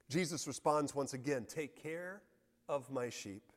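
Male pastor, earnest sermon delivery, mid-pitched voice, reverberant church hall. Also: a little slow. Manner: earnest, reads scripture aloud with emphasis.

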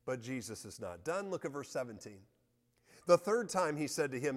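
Male pastor, earnest sermon delivery, mid-pitched voice, reverberant church hall. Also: very animated, normal speed. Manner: earnest, reads scripture aloud with emphasis.

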